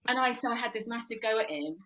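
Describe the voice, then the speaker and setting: A woman in her forties, a psychotherapist and former police officer, tells animated stories in a conversational podcast interview, with frequent ums and plenty of laughing. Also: a little high, fast, poor audio.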